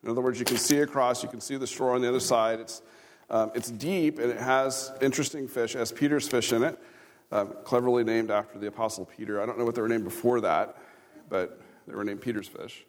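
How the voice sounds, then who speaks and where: This Kansas pastor has a medium-pitched, fairly even voice and talks a bit fast. His sermon is conversational, with chuckling asides and questions put to the congregation, and the sanctuary recording echoes like a church hall.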